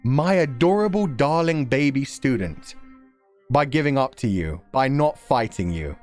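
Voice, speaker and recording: A man's voice: mid-range voice, expressive, a little slow, a little mellow, faint music behind, natural voice. A man playing a proud, solemn immortal teacher.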